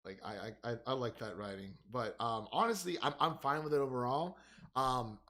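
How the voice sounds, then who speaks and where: A man's voice: mid-range voice, moderate pace, bright, forceful tone. A man co-hosting a casual movie review chat, rambling with constant "like" fillers and frequent laughs.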